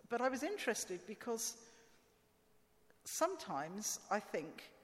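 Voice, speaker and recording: A woman giving an informal, conversational sermon with asides and fillers. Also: mid-range voice. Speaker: preacher. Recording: long church reverb.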